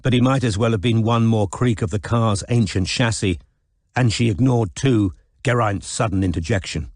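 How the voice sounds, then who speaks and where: A man narrating a novel in an audiobook in a measured, even reading. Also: on the low side, dry recording, studio quality. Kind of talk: scripted narration.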